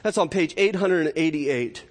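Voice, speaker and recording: A man's voice: fairly high pitch, moderate pace. A male pastor preaching a sermon in an earnest style, often restarting phrases and adding rhetorical asides. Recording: long hall reverb.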